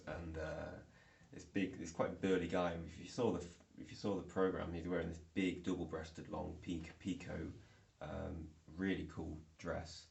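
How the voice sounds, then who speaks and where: A young man chats casually to camera, wandering through his story with frequent fillers and restarts. His voice is very low with a gravelly fry. The room adds a noticeable echo. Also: little pitch movement, a little slow, darkish tone. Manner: rambling, filler-heavy storytelling. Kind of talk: casual vlog chat. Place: indoor room. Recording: echoey room.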